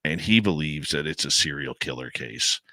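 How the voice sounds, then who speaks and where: A man's voice: rumbling low, animated, moderate pace, sharp tone, no echo, clean studio sound. A man hosting a talk radio show, chatting with a guest and reading upbeat promos. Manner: upbeat promo delivery, conversational. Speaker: radio host.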